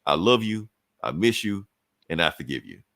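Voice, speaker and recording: A man's voice: deep voice, big pitch swings, moderate pace, gravelly, a bit bright, no room sound, clean studio sound, pitched below the performer's own voice, exaggerated voice. A man voicing a fed-up grown son who complains and curses in an exasperated way. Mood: pleading. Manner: exasperated, cursing.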